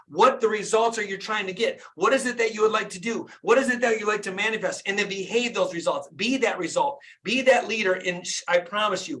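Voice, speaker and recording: A middle-aged man hosts a group video call in a high, bright, forceful voice. He preaches in a fired-up way and drives his points home by repeating phrases. The sound comes through a call connection. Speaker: dentist and business coach hosting a group call.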